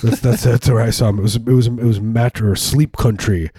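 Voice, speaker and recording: A man's voice: medium pitch, fairly even intonation, a little fast, warm tone, husky, no room sound, studio quality. A man in casual comedic chat, rambling and joking, often slipping into silly voices. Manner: rambling, jokey, slips into silly put-on voices.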